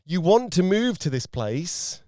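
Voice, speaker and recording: A man's voice: high voice, very animated, measured pace, warm tone, dry recording, clean studio sound. Teasing man hosting a podcast. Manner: teasing, playful, laughs often. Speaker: podcast host. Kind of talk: casual podcast chat.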